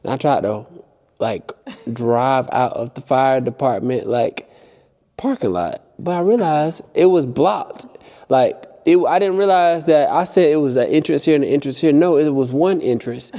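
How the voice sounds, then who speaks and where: A young man tells a story to the camera in an easygoing way. His voice sits at a middle pitch with a dark, mellow tone. He acts out the people in the story in bursts of high-pitched voices. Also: normal speed. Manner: animated, impulsive storytelling with high-pitched acted-out quotes. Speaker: vlogger. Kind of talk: casual storytelling.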